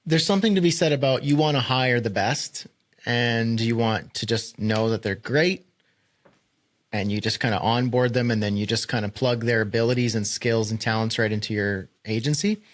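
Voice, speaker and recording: A man co-hosting a casual podcast. He is animated and talks in quick bursts, laughs easily, and keeps a middling pitch. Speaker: podcast co-host.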